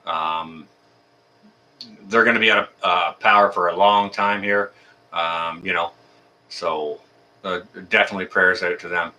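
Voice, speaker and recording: A man's voice: deep voice, steady tone, measured pace, pauses often, bright, forceful tone. A man from Canada hosting a casual livestream, greeting viewers one by one in a friendly, chatty way with many ums and uhs. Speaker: livestream host.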